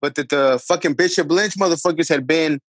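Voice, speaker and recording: A man's voice: on the high side, brisk, dry recording. A man telling a long profane football story to friends in a casual podcast chat, acting out other people's lines. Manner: profane, animated, acts out voices of others.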